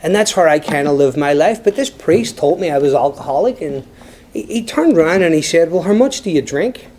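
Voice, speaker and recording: Irish man, speaker at a recovery meeting, mellow slightly high voice, personal storytelling. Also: lively intonation, brisk. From Ireland. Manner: storytelling, talks straight to the room. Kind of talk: personal story told to a group.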